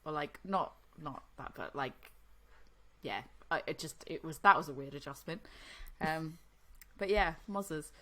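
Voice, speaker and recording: A woman's voice: low-pitched, unhurried, a bit bright. A woman from the US co-hosting a podcast, chatting casually and laughing often while tasting drinks. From United States. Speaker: podcast co-host.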